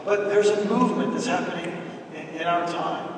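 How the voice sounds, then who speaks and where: A man's voice: high-pitched, steady tone, moderate pace. A middle-aged man giving an earnest, preaching-style talk to a church audience, telling stories and calling them brothers and sisters. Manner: earnest, storytelling, addresses listeners as brothers and sisters. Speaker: speaker at a church event. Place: large dinner hall. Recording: echoey hall from far off, with noise.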